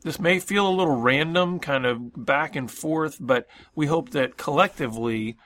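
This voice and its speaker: A man's voice: fairly high pitch, normal speed, a bit bright, no echo. A man co-hosting a Christian radio talk show, speaking in an earnest, reflective way. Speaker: radio co-host.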